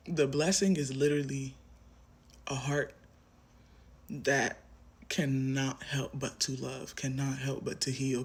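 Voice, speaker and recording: A man's voice: medium pitch, fairly bright tone, breathy edge. A man giving a collective tarot reading straight to the viewer, impassioned and emphatic, repeating phrases, swearing, and sometimes dropping to a whisper. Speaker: tarot reader.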